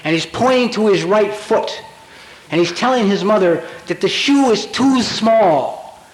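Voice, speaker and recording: Brief: man, 50s, high pitch, confessional recovery speaker, wry and blunt, echoey convention-hall tape. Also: animated, unhurried. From Colorado, USA. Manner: blunt, wry and emphatic, swearing for punch. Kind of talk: comic confessional storytelling speech. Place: large convention hall with audience.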